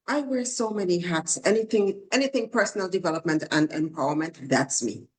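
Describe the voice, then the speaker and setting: A confident woman with an Antiguan accent, speaking as a coach giving advice in an interview. Her voice is a little low, and her pace is measured and encouraging. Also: rough recording. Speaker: guest, life coach and speaker. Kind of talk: interview answers.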